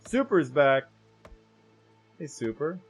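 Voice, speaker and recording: A man's voice: fairly high pitch, big pitch swings, takes it slowly, husky, faint music behind. A young American man chatting casually with viewers while streaming a game, rambling and correcting himself as he goes. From United States. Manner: rambling, self-correcting, trails off softly.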